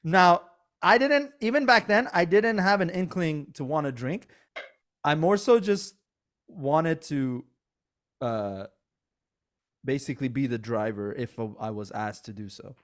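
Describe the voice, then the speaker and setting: A man hosting a casual podcast, a comedian telling animated stories with lots of fillers and laughs. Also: medium pitch, unhurried, pauses often.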